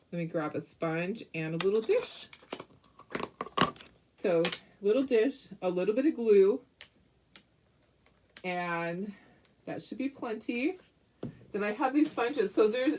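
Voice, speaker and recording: A middle-aged woman with a medium-pitched, darkish voice hosts a casual craft tutorial at home, with slight background noise. She's chatty and giggly, often restarting her sentences.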